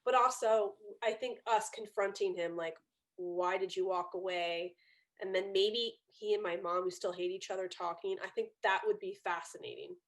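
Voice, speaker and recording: Animated woman telling stories as a guest. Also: medium pitch, normal speed. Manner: animated storytelling, incredulous. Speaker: podcast guest. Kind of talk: casual chat.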